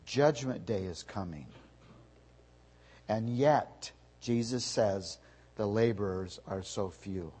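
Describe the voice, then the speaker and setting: Husky-voiced male preacher, emphatic. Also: lowish voice, takes it slowly, long pauses, poor audio. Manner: emphatic preaching, swelling louder on key words. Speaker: pastor. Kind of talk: sermon.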